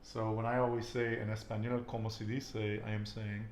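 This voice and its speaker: A man's voice: fairly low pitch, level tone, brisk, a little mellow, echoey room, slight background noise. A man teaching a casual Spanish lesson, patiently quizzing his student with questions.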